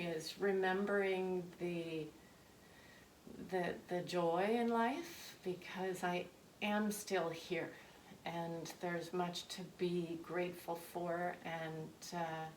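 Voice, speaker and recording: A woman's voice: fairly low pitch, slow pace. A woman guest in an interview, talking in a heartfelt, reminiscing way. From Canada. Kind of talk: interview conversation. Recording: echoey room from far off, faint noise.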